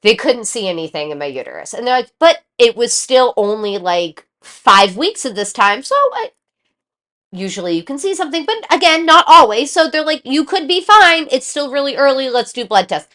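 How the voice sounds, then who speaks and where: A woman's voice: fairly high pitch, moderate pace. A woman, co-hosting a casual chat show and telling a personal story, swearing freely and acting out the voices of the people in it. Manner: animated, swears freely, acts out quoted voices. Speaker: podcast co-host.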